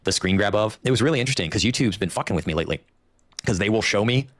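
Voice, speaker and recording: A man's voice: on the low side, expressive, rapid-fire, fairly bright tone, no room sound, clean studio sound. A man speaking in a clip, complaining casually in a rambling way with many restarts.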